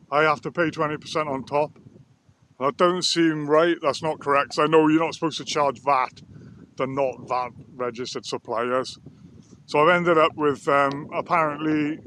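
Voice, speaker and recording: Vlogger on a country walk: chatty, a bit breathy, higher-pitched guy, light outdoor hiss. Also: bright, forceful tone. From Wales. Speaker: vlogger and sound therapist. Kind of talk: casual walk-and-talk vlog. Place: outdoors on open coastal nature reserve.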